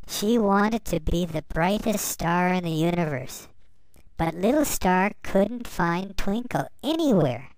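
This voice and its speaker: Woman storyteller, bedtime reading for children, unhurried, close and dry. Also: lowish voice, lively intonation, dry recording, poor audio. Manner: gentle, slow, addressing children.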